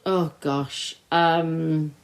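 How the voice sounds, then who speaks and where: A woman co-hosting a chat podcast, reviewing a TV episode and acting out scenes in quick put-on voices. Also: low-pitched, fairly even intonation, vocal fry. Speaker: podcast co-host. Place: recorded together in the same room.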